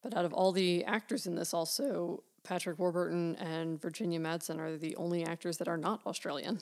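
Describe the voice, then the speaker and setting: An American woman co-hosting a casual movie podcast, relaxed and conversational. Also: lowish voice, fairly quick. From United States. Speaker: podcast co-host.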